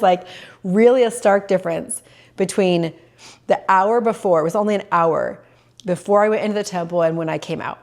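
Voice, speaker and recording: A middle-aged woman at an average pitch, sharing her own story as a podcast host. She talks in an earnest, heartfelt way and doesn't hide her emotion. Her speech is loose and conversational, full of ums and likes. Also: moderate pace, a little mellow. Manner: earnest, openly emotional, with many fillers. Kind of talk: personal reflective podcast monologue.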